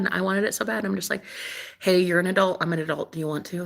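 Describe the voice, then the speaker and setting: A woman chatting casually on a live stream, dramatic and gushing, swinging from loud exclamations to hushed asides. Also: medium pitch, fast talker, vocal fry.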